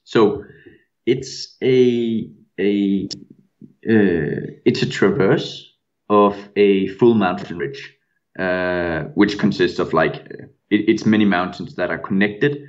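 A man with a Norwegian accent, a podcast guest, speaking English hesitantly with many pauses. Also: deep voice, a little mellow, lo-fi sound. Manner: hesitant, many ums and uhs.

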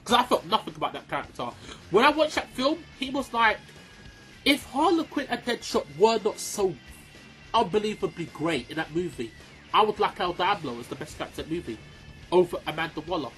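A man giving a casual, excitable film review, swearing freely and filling his talk with "like" and "um". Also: high voice, a little fast, faint music behind. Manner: excitable, swears a lot, many fillers.

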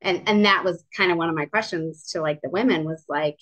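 A woman's voice: on the low side, fairly quick, fairly bright tone. A young woman telling her own story as a guest in an interview, earnest and full of fillers and restarts. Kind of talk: casual interview, personal story. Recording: dull lo-fi sound.

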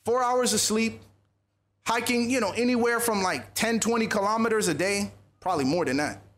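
A man speaking at a youth conference, telling a personal story in a lively, animated sermon style. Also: high-pitched, moderate pace. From USA.

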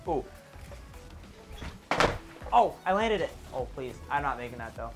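A young man casually commentating his own gameplay, excitable and swearing a lot, yelling whenever he misses. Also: medium pitch, measured pace, pauses often, faint music behind.

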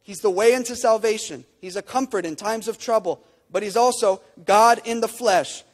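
High-voiced man preaching in a reverberant hall. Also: moderate pace. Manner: emphatic, repeats phrases and asks rhetorical questions. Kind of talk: sermon. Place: church sanctuary.

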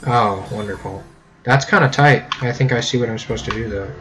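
A man giving casual gameplay commentary, rambling and self-mocking with sudden excited yelps. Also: medium pitch, a little fast, music in the background. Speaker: let's play gamer. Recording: keyboard clicks audible behind.

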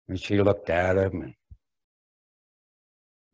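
A man's voice: medium pitch, big pitch swings, takes it slowly, long pauses. A man telling a traditional winter story in a folksy way, with chuckling asides. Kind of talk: oral storytelling.

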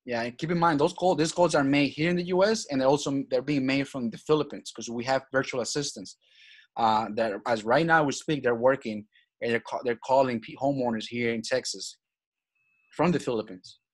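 A Venezuelan man whose first language is Spanish speaks fairly quickly at a medium pitch as a guest in a casual interview. He's a real estate acquisitions manager who talks energetically, repeating his main points and often tossing in "right?" and "man."

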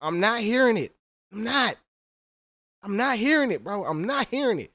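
A man's voice: high voice, big pitch swings, normal speed, sharp tone. A man reacting to a rap track, talking in a casual, profane, trash-talking way. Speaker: music reaction YouTuber.

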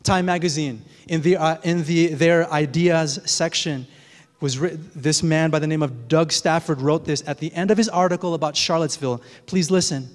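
A man preaching in a church, his voice pitched high for a man. He talks earnestly and builds to emphatic peaks. The sanctuary's long, ringing reverb trails every phrase. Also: steady tone, normal speed. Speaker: pastor. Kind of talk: sermon.

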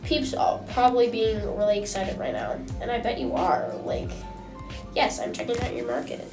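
A young woman hosting a casual gameplay vlog, chatty and gushing with excitement as she comments on what she sees. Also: medium pitch, normal speed, far from the mic. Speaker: gaming channel host. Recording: echoey room, mic set back, music behind.

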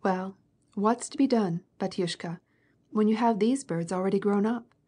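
A woman's voice: mid-range voice, normal speed, slightly rough, natural voice. A woman reading the part of a stern, outspoken fifty-year-old woman in an audiobook, blunt and scolding. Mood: brusque. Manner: scolding, outspoken, mock-gentle teasing.

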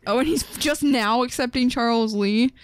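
A young woman with a high voice chats beside a gamer and comments on the scenes as they play. She giggles often and drops short, quick remarks. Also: clean tone. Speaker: gaming video co-host. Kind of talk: casual let's-play commentary.

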